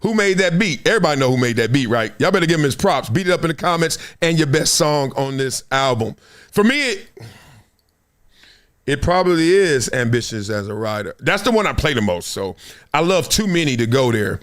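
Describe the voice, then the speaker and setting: 50 yr old guy hosting his show, slangy storyteller, voice jumps all over, pitched a bit high. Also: expressive, fairly quick, fairly bright tone. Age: 50s. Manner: slangy, acts out quoted voices, laughs often. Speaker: podcast host. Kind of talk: animated storytelling.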